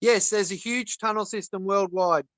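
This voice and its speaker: A man talking on a livestream in an earnest, halting way, with many pauses and fillers. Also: high voice, steady tone, fairly bright tone, no echo. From Australia. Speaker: livestream guest. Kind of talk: casual livestream talk.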